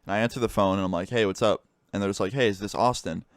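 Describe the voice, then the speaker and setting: A young man, a gaming YouTuber, casually telling a story time vlog, swearing freely and animated as he retells events. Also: fairly low pitch, fast, no echo, clean studio sound.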